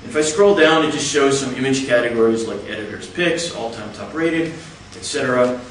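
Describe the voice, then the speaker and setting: Speaking in a mid-range voice, a man lectures an audience with careful, step-by-step explanation. The recording catches him from some distance in an echoey hall, where faint noise lingers behind him.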